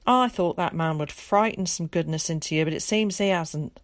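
A woman's voice: lowish voice, normal speed, no echo, close to an everyday voice. A woman voicing a stern, pious mother who is cold, suspicious and reproachful in a storybook reading. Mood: scolding. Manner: clipped, reproachful, preachy.

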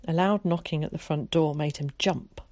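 Woman narrator, low voice, calm and measured, dry close recording. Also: no echo. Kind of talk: audiobook narration.

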